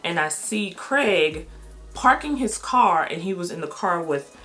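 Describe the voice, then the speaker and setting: A woman's voice: fairly low pitch, animated, unhurried, fairly bright tone, faint music behind. A middle-aged woman vlogger telling a personal story in a casual, candid way, blunt and swearing freely.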